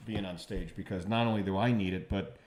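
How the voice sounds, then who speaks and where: A man, a comedian guest on a podcast, telling stories in casual chat, halting and repeating words, lively when he quotes others. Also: deep voice, a little hiss or hum.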